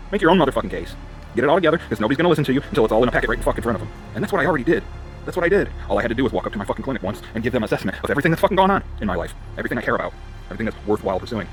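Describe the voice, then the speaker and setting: A man vents into the camera in a furious, profanity-laced monologue, talking very fast. His pitch leaps around as he loses his thread and circles back. Faint music plays behind him. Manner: agitated, swearing, going off on tangents. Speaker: vlogger. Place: in a vehicle.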